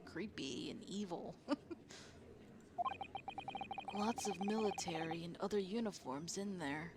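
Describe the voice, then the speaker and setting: A woman's voice: lowish voice, slow pace, very noisy. A woman voicing a nervous young male defendant who narrates his trial in an anxious, earnest inner monologue, with game music behind. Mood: uneasy.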